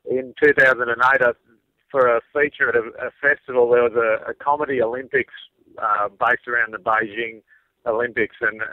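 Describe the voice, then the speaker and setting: A man's voice: medium pitch, no echo. Laid-back Australian male caller, phone-line sound, dry, casual.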